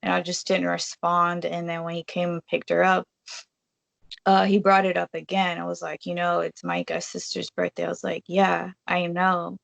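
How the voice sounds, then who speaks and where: A woman's voice: lowish voice, flat delivery, moderate pace, gravelly, no echo. A woman telling a personal story in a casual, chatty way, full of fillers and acting out what she said to others. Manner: chatty, filler-heavy, acts out her own quoted lines. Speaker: vlogger.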